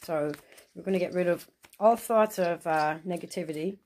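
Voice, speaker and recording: A woman's voice: fairly low pitch, normal speed, a little mellow. A sick woman making a casual ASMR video at home, chatting and getting distracted by her pet bird. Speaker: ASMR vlogger.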